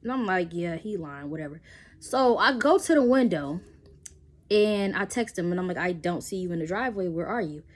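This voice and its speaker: A young woman, telling a personal story in a casual storytime and acting out the voices with sudden jumps in pitch. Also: moderate pace. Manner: animated, acts out quotes with pitch jumps.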